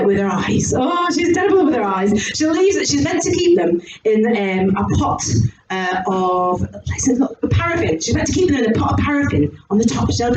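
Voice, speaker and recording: A woman doing a jolly chatty husband. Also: very high-pitched. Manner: cheerful, rambling, fond of a joke. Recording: echoey club from a distance with noise.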